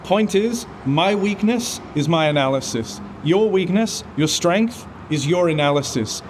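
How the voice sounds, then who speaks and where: High-voiced man giving an earnest pep talk. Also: animated, a little slow, a little hiss or hum. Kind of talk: scripted comedy sketch.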